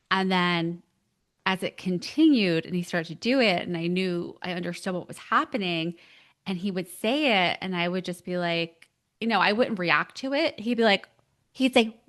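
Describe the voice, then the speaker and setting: A middle-aged woman, a parent coach, telling stories on a podcast, lively, filler-heavy and laughing often. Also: fairly low pitch, moderate pace. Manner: animated storytelling, laughs often, many fillers. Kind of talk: casual podcast conversation.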